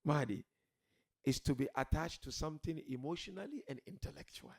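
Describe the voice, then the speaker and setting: A man preaching a sermon to a gathering, swinging from soft pleading to loud shouted emphasis, asking rhetorical questions and repeating key words. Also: a little high, fairly quick.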